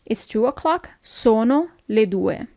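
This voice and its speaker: A woman teaching beginner phrases, repeating each one slowly and checking in with her listeners. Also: a little high, expressive, gravelly, dark tone, no room sound. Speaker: Italian language teacher. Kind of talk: slow, clear phrase lesson.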